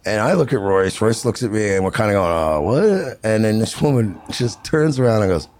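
A male podcast co-host spins a story in loose, casual chat, cursing freely as he goes. He acts out the lines of the people in it, and his pitch swings up and down with plenty of life. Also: fairly quick. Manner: profane, animated, acts out quotes.

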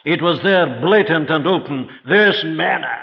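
A man delivers an evening sermon in church, earnest and rhetorical, asking his listeners direct questions and slowing to emphasize key phrases. His voice sits slightly high with some vocal fry. It's a dull, lo-fi recording of an old sermon.

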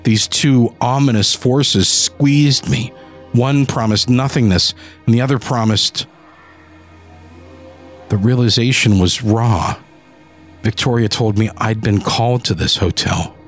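A man's voice: medium pitch, unhurried, soft background music. A man narrating a first-person audio drama, turning desperate and pleading in his own lines. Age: adult. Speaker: narrator and lead character.

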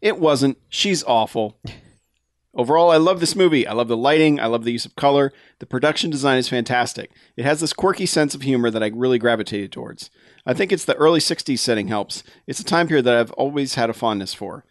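A man's voice: medium pitch, a little fast, no echo, clean studio sound. A man co-hosting a podcast, reading a listener's email aloud in a casual, laughing way. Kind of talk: casual chat.

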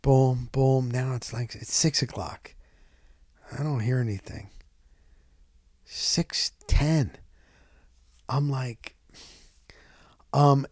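A man telling a casual story in an animated way, dropping sound words as he goes. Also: medium pitch, slow, long pauses, no echo, clean studio sound.

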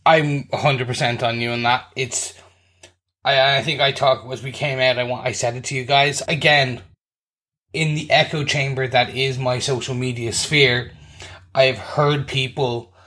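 A man's voice: medium pitch, unhurried, pushed and bright. A man co-hosting a podcast, giving his casual take on a movie in an emphatic, rambling way. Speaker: podcast co-host. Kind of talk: casual movie review chat.

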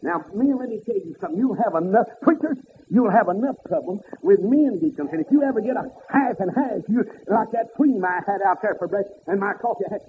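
Fiery preacher guy, high voice, shouts way up, sounds like a thin phone-line old recording. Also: fairly quick, noisy background. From American South. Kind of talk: fiery sermon. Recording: tinny phone-like old sermon tape.

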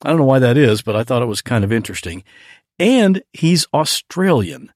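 A man leaving a voice message for a podcast host, with a lively voice that rises and falls a lot. He tells his story at mid pitch, recorded dry and close. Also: a little fast, no echo. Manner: animated storytelling. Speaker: podcast guest caller.

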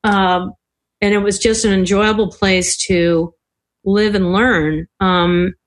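Her voice is medium in pitch, fairly even in intonation, and slow. The older woman is a podcast guest swapping stories in casual conversation, often laughing and voicing the people she quotes.

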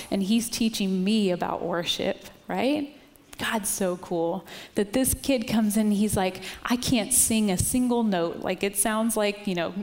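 A woman worship leader preaches in a church, slipping into a relaxed, chatty storytelling style full of "like"s. Her voice sits at an ordinary pitch, and a long reverb from the hall trails after her words. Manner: chatty storytelling with many "like"s and laughs. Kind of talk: sermon with personal story. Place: church sanctuary.

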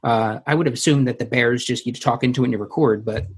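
Co-host, casual recap, mid-pitched, loose and rambling delivery. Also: fast, husky. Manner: loose and rambling, many fillers, breaks into silly sung impressions. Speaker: podcast co-host. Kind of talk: casual chat recapping a TV episode.

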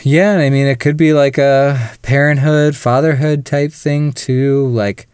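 Guy on a film podcast, smooth clear voice, dry close mic, jumps into little character bits. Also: mid-range voice, no echo. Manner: animated, mimics characters in quick asides. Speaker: podcast co-host. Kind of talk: casual film discussion.

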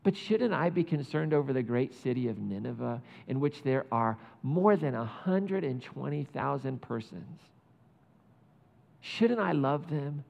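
A man preaching a sermon, retelling a Bible story with lively asides and playing out the characters' lines. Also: mid-range voice, moderate pace, creaky, few pauses, long reverb tail, lo-fi sound. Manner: animated storytelling, acts out biblical characters. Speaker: pastor.

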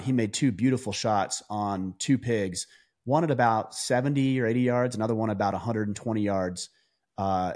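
A man, a podcast guest, telling stories in a casual conversational way, animated, with frequent restarts and fillers. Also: on the low side.

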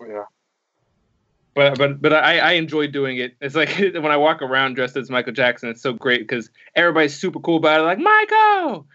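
A man's voice: mid-range voice, fairly quick, sharp tone. A man co-hosting a podcast in casual chat, rambling and stumbling over repeated words. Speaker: podcast co-host. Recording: slightly muffled podcast audio.

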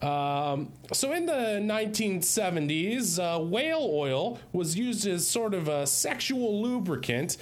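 A man's voice: high voice, very animated, unhurried, hardly any pauses. A man in an improvised comedy sketch, rambling in a dopey, oblivious way.

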